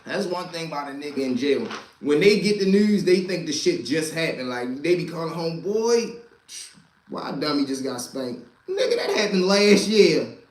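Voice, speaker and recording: A man's voice: a little high, big pitch swings, normal speed, roomy sound, rough recording. A man hosting a casual storytelling show, talking in profane street slang and repeating lines for emphasis. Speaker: host telling street stories.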